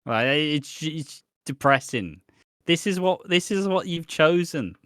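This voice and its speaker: A man's voice: on the high side, expressive, takes it slowly, a bit bright, dry recording. Dry-voiced joking man co-host. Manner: jokey, dry, acts out characters' lines. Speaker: podcast co-host. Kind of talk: casual chat.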